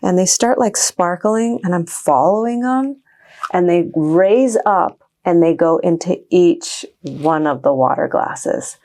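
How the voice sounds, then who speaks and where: A woman co-hosts a podcast with a fairly low voice. Her stories wander along in an earnest way. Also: slow pace, warm tone. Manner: meandering, earnest storyteller. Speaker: podcast co-host. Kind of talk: casual podcast chat.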